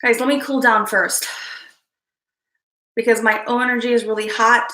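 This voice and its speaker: A woman chats on a casual livestream, her voice sitting a little high. She is out of breath and keeps stopping to repeat herself and ask whether her viewers can hear her. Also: steady tone, moderate pace, bright, forceful tone. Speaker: psychic livestream host.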